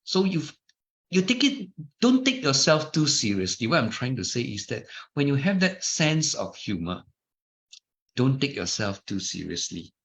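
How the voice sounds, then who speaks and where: A man's voice: mid-range voice, very animated, a little slow, a bit bright. A middle-aged man with a Malaysian English accent, giving an informal dharma talk full of anecdotes, chatty with restarts and asides. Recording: muffled lo-fi recording.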